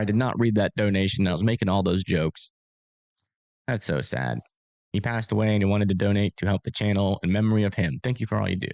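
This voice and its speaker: A man's voice: fairly low pitch, creaky, darkish tone, dry recording. A man in his thirties hosting a casual livestream, chatty and self-deprecating as he talks to viewers. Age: 30s. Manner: chatty, reads donations aloud, self-deprecating. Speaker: storm-chasing livestream host.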